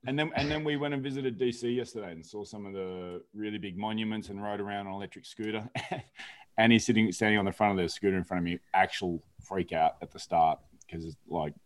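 A man with a fairly low voice, chatting on a podcast. He recounts things in an earnest, reflective way, with a relaxed casual tone. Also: fast. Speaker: podcast co-host. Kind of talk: casual chat.

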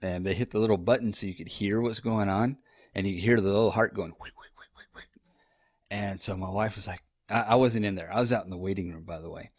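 A man's voice: lowish voice, quick pace, a little mellow, no room sound, clean studio sound. A young man telling a rambling, profane story about his wife in a casual, conversational way.

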